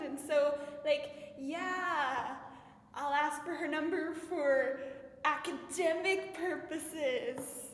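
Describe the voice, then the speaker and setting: Young woman, high-pitched, bubbly casual vlogger storytelling, roomy echo. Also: takes it slowly, fairly bright tone, a little hiss or hum. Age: young adult. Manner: bubbly storytelling, heavy use of "like". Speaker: college student vlogger. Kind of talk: casual chat. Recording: roomy echo with long reverb.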